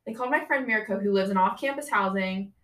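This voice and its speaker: A woman's voice: mid-range voice, fast talker, far from the mic. A young woman guesting on a podcast, telling a story in casual chat and saying "like" constantly. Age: young adult. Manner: chatty, heavy use of "like", animated retelling.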